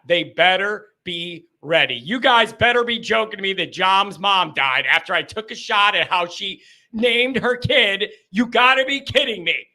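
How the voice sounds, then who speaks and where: Male call-in host, high bright voice, hyped and riffing. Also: lively intonation, normal speed. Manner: hyped, loud, riffing storyteller. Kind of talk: excited live call-in chat.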